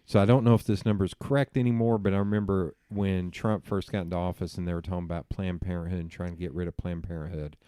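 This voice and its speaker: Low-voiced wry podcast guest man. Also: steady tone, fast talker, few pauses, dark tone, smooth, dry recording, clean studio sound. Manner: wry, sarcastic asides. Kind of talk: casual podcast conversation.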